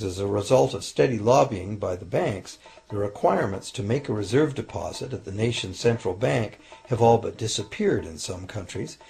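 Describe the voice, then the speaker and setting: A man giving a calm, explanatory scripted narration for a documentary. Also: fairly low pitch, creaky, slightly rough. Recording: voice-over with faint music behind.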